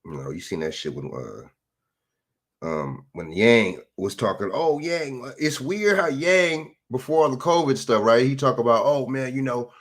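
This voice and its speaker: A man with a mid-range voice rants casually about politics into a phone, speaking a little slowly. As a commentator, he rambles, swears, and keeps firing off rhetorical questions.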